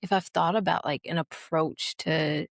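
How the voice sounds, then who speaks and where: A young woman co-hosts a podcast, chatting casually, laughing often, and restarting her sentences. Her low, gravelly voice keeps a steady tone at normal speed, in clean studio sound with no echo.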